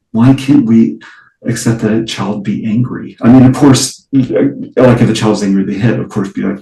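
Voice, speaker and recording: A man's voice: lowish voice, gravelly, dark tone, roomy sound, distant mic, low-quality recording. A man who works as an early childhood educator, talking earnestly in a casual interview with many fillers and restarts.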